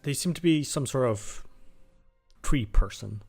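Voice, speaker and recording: Calm man narrating as game master. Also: mid-range voice, measured pace, gravelly, faint music behind. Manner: calm, descriptive, with hesitant fillers.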